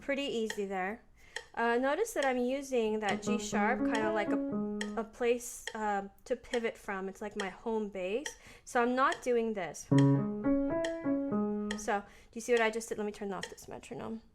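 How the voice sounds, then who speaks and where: A woman with a slightly high voice walks through her practice in a casual piano lesson. She thinks aloud, relaxed and chatty, as she plays. Loud piano fills the space behind her words. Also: normal speed. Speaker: piano teacher. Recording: voice over loud piano playing. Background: piano playing.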